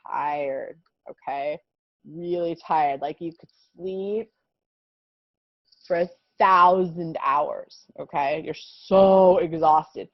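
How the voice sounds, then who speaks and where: A young woman leads a vocabulary lesson for little kids, talking very slowly and patiently with a sing-song lilt. She keeps checking in with the children after almost every phrase. The sound is close and dry, and a bit dull and lo-fi. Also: mid-range voice, no room sound. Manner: slow, patient, sing-song teacher talk with frequent "okay?" checks. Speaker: kindergarten English teacher.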